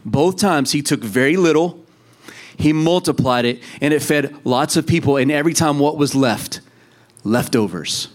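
A man's voice: fairly high pitch, moderate pace. A man preaching a sermon to a congregation in a conversational way, acting out the voices of the people in the story. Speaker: pastor.

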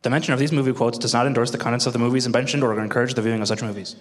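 A man from the congregation, reading a disclaimer aloud as fast as he can. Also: mid-range voice, steady tone, in a large hall, a little hiss or hum. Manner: rapid-fire reading.

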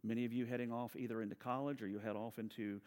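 A man preaching a sermon as pastor, shifting from animated storytelling to quiet, earnest appeals. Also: medium pitch, quick pace. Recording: reverberant hall.

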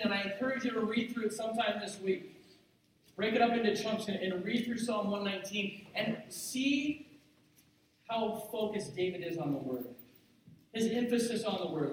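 Pastor, male, earnest preacher with a slightly high voice, captured from a distance in a very echoey church. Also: slight background noise. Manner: earnest preaching, building to emphatic repetition. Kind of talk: sermon. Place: church sanctuary. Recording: very echoey hall, mic at a distance.

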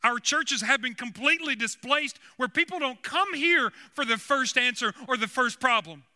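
A man's voice: very high-pitched, lively intonation, normal speed, bright, forceful tone. A man preaching a sermon as pastor, earnest and building to emphatic points.

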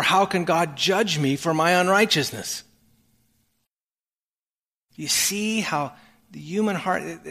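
A man's voice: a little high, fairly bright tone. A male pastor giving an earnest sermon, often restarting his phrases as he explains a passage of scripture. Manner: earnest preaching with repeated restarts. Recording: long hall reverb.

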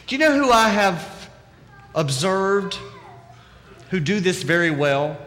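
A man's voice: high-pitched, fairly bright tone. Southern man preaching in a reverberant hall. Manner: earnest, conversational, many rhetorical questions. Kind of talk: sermon.

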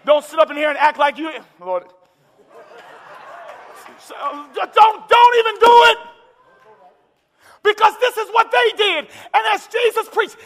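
A man preaching to a congregation, his voice pitched very high and bright as he drives into shouted, urgent climaxes. The sermon carries through a large hall with a long echo, and a crowd can be heard faintly behind him. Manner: impassioned, shouting climaxes with call-and-response urgency. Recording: echoey church hall with crowd.

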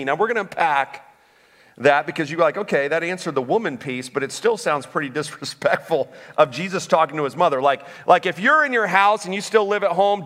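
High-voiced pastor preaching in a reverberant hall. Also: male voice, a bit bright. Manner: conversational preaching, many restarts and asides. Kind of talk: sermon. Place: church sanctuary.

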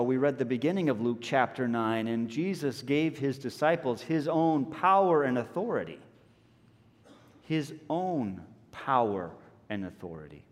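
A man preaching a sermon as a pastor, telling stories with lively, acted-out voices. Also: a little high, long reverb tail. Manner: animated storytelling, acting out voices of people in the story.

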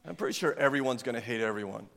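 A man's voice: medium pitch, racing, gravelly. Male pastor preaching in a reverberant hall. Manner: animated, swings into loud mock outrage when quoting. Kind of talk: sermon. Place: church sanctuary.

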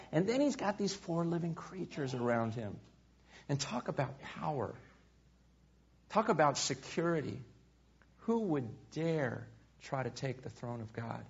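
A man preaching a sermon to a congregation, swinging between loud emphasis and hushed, quiet asides. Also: medium pitch, husky. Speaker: pastor. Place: room with a live congregation.

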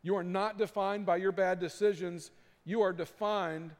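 Male pastor, sermon delivery, slightly high voice, long hall reverb. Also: steady tone, normal speed. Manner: preaching with swells from hushed to emphatic.

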